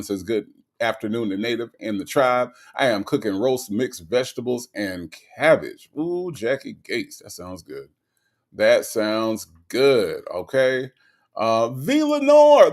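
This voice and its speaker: A man hosting a casual livestream, reading viewer comments aloud and greeting each viewer in an animated way. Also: lowish voice, gravelly. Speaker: livestream host.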